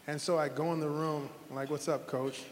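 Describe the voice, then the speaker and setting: A man's voice: a little high, little pitch movement, normal speed, in a large hall, a little hiss or hum. A middle-aged man, a former football quarterback, telling heartfelt stories in an interview with earnest, rambling restarts. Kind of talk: interview storytelling.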